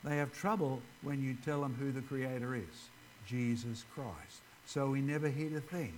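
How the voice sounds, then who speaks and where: A man's voice: mid-range voice, moderate pace, a little mellow, a little hiss or hum, rough recording. A man giving an informal ministry presentation, chatting directly with his audience. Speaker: creationist ministry speaker.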